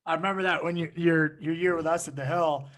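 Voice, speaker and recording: A man with a somewhat high voice hosts a relaxed podcast, and he is also a lacrosse coach. He asks questions eagerly and chats easily, laughing as he goes, and he sounds keen to hear the answers. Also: brisk. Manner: eager, chatty questioner who laughs often. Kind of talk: casual podcast interview.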